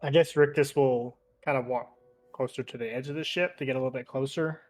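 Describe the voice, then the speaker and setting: A man's voice: mid-range voice, fairly even intonation, brisk. Male player, casual and hesitant, describing his character, faint music under. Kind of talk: casual tabletop play.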